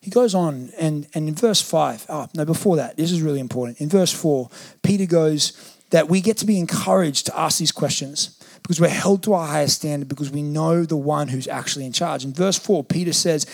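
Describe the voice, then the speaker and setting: A man's voice: on the high side, fairly quick, creaky. A man preaching a sermon as a pastor, conversational and joking now and then.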